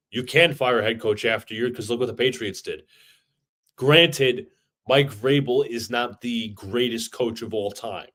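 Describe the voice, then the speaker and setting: A man's voice: fairly low pitch, fairly bright tone. A man hosting a sports fan livestream, talking in a frustrated, repetitive rant full of stumbles and restarts. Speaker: fan podcast host.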